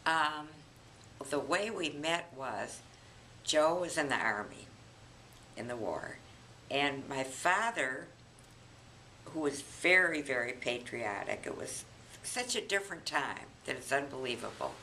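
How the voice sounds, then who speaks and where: Elderly woman, very deep, gravelly, bright tone, lively pitch, reminiscing, unhurried. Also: a little hiss or hum, low-quality recording. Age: 80s. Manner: reminiscing, unhurried, chuckles often. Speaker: interviewee, grandmother. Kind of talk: storytelling in a family interview.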